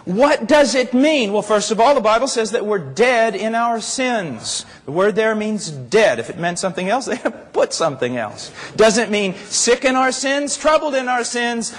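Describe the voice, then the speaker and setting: A man preaching a sermon, animated and rising to shouts as he acts out scenes. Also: very high voice. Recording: long reverb of a large hall.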